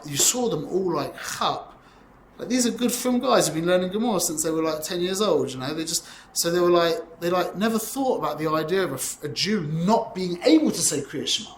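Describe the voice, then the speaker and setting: A man's voice: fairly high pitch, slight background noise. Man in his forties teaching, roomy echo. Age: 40s. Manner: rambling, conversational, peppered with "yeah?" checks. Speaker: Torah teacher. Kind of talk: informal class lecture.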